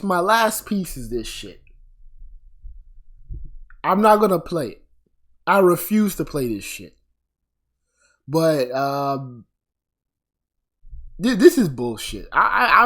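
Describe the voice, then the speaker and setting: A man's voice: a little high, very animated, takes it slowly, long pauses, a bit bright. A man delivering a blunt, profane commentary rant, sounding exasperated and weary. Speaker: commentary vlogger.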